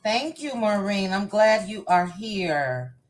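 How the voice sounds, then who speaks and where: A woman's voice: mid-range voice, animated, slow. A woman hosting a livestream, greeting her viewers by name one after another in a casual, chatty way. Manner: reads viewer names in a warm, chatty run of hellos. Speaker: livestream host. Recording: faint music behind the voice. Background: faint background music.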